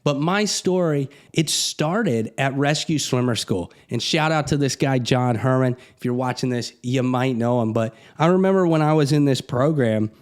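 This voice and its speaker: A man's voice: medium pitch, moderate pace, hardly any pauses. A middle-aged man, a real estate broker, giving a blunt, conversational pep talk to camera. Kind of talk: motivational vlog talk.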